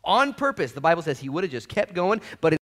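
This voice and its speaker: A pastor preaches in a lively, sing-song voice that climbs high and drops low. He talks in casual slang and swings from loud, energetic bursts to quiet, earnest stretches. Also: quick pace. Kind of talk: sermon.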